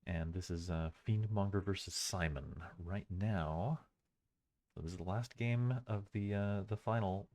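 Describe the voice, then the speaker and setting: Low-voiced man commentating a game replay. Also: unhurried, darkish tone. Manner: thoughtful, hesitant, many fillers and self-corrections.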